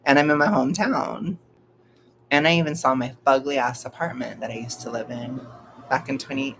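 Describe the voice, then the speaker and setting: A man's voice: mid-range voice, steady tone, fairly quick, a bit bright, slight background noise. A young man rambling casually at home in a live-stream vlog, laughing often and making fun of himself. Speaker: vlogger.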